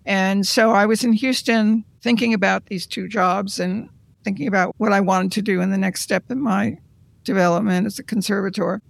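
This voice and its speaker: An art conservator recounting their career in an interview, in a measured, reflective storytelling manner. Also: medium pitch, steady tone, gravelly, no room sound.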